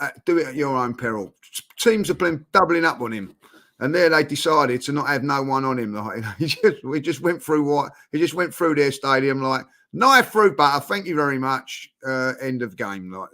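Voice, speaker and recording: A man's voice: mid-range voice, lively intonation, moderate pace, pushed and bright. A man, tired out, chatting bluntly and animatedly about football as co-host. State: exhausted. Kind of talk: casual football chat.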